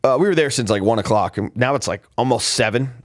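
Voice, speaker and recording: A man's voice: mid-range voice, fast talker, dry recording, clean studio sound. A man hosting a casual fight recap podcast, telling rambling backstage stories with many restarts and fillers. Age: adult with a father. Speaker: podcast host. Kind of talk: casual chat.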